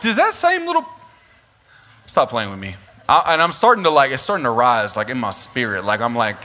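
Animated young pastor telling a funny story. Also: male voice, mid-range voice, a little fast. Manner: animated storytelling with comic asides. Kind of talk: sermon. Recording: long reverb of a large hall.

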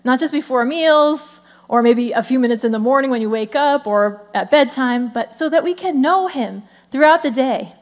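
A woman in her thirties, the lead pastor, giving a lively conversational sermon with frequent "come on" asides. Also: sits high, moderate pace, few pauses.

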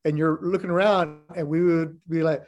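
A man's voice: a little high, steady tone, normal speed, darkish tone. A middle-aged man, a sports broadcaster, chatting as a podcast guest, telling stories bluntly and with animation, swearing now and then. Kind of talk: casual chat.

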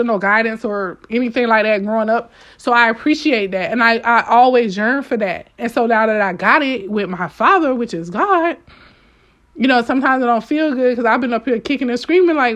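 A woman with a fairly high voice delivers an informal devotional message straight to her listeners. She presses her points with emphasis and says them more than once, calling out to her audience. She moves between fervent bursts and soft, quiet asides. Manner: emphatic and repetitive, addressing listeners directly. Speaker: devotional speaker.

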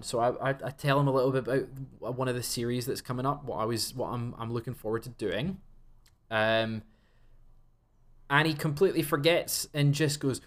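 A man's voice: medium pitch, brisk. A young man co-hosting a podcast, chatting casually and acting out quoted exchanges as he tells stories. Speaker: podcast co-host. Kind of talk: casual chat.

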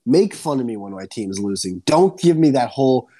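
A man's voice: mid-range voice, fairly quick, hardly any pauses. Young man ranting in casual podcast talk. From Central New Jersey. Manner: animated, swears a lot, ranting. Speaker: podcast co-host. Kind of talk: casual chat.

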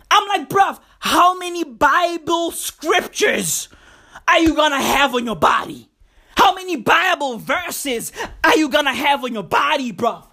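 A woman from South Africa with a South African accent, delivering a hyper-energetic, slang-heavy, profane comedic rant monologue and repeating her phrases. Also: sits high, a little slow.

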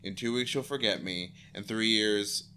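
A man's voice: fairly low pitch, moderate pace, bright, forceful tone, a little hiss or hum. A man co-hosting a podcast, recapping a TV show in casual chat, laughing often and doing silly voices. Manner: laughing, playful, puts on silly voices for the dog. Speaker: podcast co-host.

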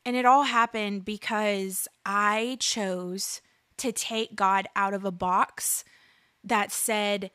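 A woman's voice: mid-range voice, steady tone, slow pace, fairly bright tone, no room sound. A woman in her thirties giving an earnest preaching testimony, building emphasis through repeated phrases. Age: 30s. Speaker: speaker sharing a faith testimony.

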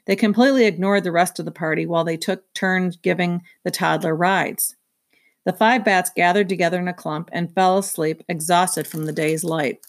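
A woman reading a children's novel aloud, in a steady storytelling manner. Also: lowish voice, moderate pace. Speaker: reader. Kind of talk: children's book read-aloud.

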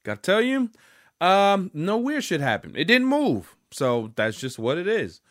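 A man's voice: sits high, wildly swooping pitch, a little slow, a bit bright, dry recording, studio quality. A young man telling a story to the camera in a loose, rambling, profane way, full of restarts and fillers. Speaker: vlogger. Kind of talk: casual storytelling monologue.

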